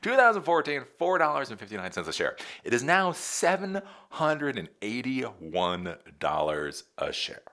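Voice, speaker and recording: A man hosting a casual commentary show, sarcastic and animated, laughing often. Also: mid-range voice, moderate pace, hardly any pauses. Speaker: tech commentary host.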